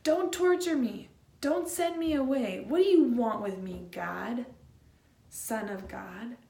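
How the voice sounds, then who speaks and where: A woman's voice: medium pitch, very slow, gravelly, far from the mic, full character voice. A woman voicing an anguished possessed man who cries out and pleads, in a roomy hall. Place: large room. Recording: roomy echo.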